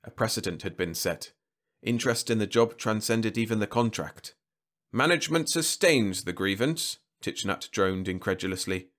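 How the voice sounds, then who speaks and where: Low-voiced male story narrator. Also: steady tone, normal speed. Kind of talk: scripted narration.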